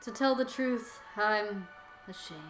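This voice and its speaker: A woman's voice: medium pitch, slow, lightly acted. A woman reading an earnest young male hunter, roomy. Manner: soft, hesitant reading of a game character's lines. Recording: echoey room with game music.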